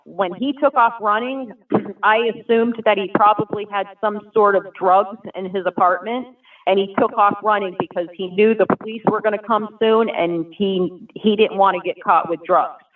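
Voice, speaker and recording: Earnest woman's testimony over a tinny line. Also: mid-range voice. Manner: earnest, vivid storytelling. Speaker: guest sharing a personal testimony. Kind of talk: emotional personal testimony. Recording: tinny phone-like sound from far off.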